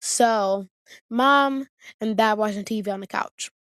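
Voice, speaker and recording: A woman's voice: mid-range voice, a little slow, fairly bright tone, clear, resonant tone, no room sound, studio quality. A woman vlogger casually telling family stories, chatty and slangy, often circling back to her point. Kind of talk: casual storytelling to camera.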